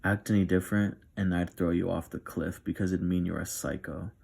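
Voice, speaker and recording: A brash young man in charge, rough and slangy in how he talks, voiced by a man reading aloud. The voice sits very low with a gravelly edge. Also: fairly even intonation, brisk, a little mellow, full character voice. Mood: gruff. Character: brash gruff young male leader of boys.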